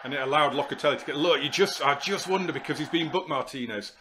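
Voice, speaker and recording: A man commentating live on his football management game, exasperated and muttering to himself, with sudden shouts when goals go in. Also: fairly high pitch, quick pace, background noise. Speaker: gaming YouTuber.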